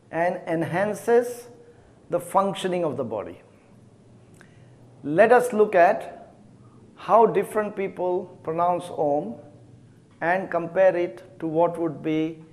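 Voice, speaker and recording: Slow, measured male mantra teacher. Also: fairly high pitch, darkish tone. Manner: measured, deliberate, demonstrates by chanting. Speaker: therapist teaching mantra chanting.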